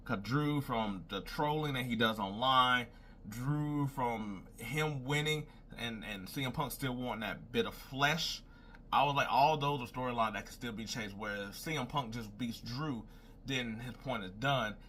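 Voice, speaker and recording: Speaking in an unhurried, sharp mid-range voice over a faint hiss or hum, this young wrestling commentator chats casually by himself. His predictions come out as rambling, thinking-aloud talk full of "I was like."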